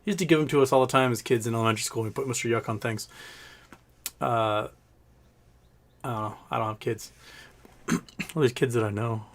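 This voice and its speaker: A male livestream host with a medium-pitched voice talks briskly and pauses often. His throat is slightly scratchy after being ill, and he rambles and jokes while reading viewer questions aloud.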